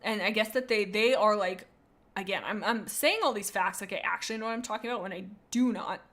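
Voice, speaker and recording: A young adult woman streaming, chatting casually in a rambling, excitable way as she gushes about cute animals. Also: mid-range voice, a little fast. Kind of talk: casual livestream chat.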